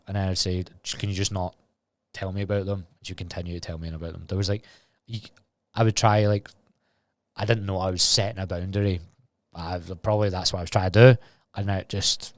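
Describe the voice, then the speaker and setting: A man's voice: on the low side, no echo, studio quality. A Scottish man in his twenties talking candidly and rambling on a solo podcast, swearing freely. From Scotland. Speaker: podcast host.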